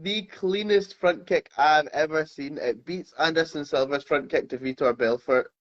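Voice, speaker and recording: A man co-hosting a casual talk podcast, easygoing and relaxed as he tells stories. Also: fairly high pitch, normal speed. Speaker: podcast co-host. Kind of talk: casual chat. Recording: slightly dull lo-fi sound.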